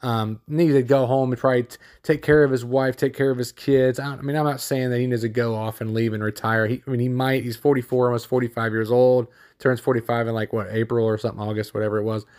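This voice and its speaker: A man's voice: medium pitch, steady tone, fast, hardly any pauses, a little mellow. A man hosting a solo sports podcast, rambling and opinionated, with lots of fillers, restarts and casual slang.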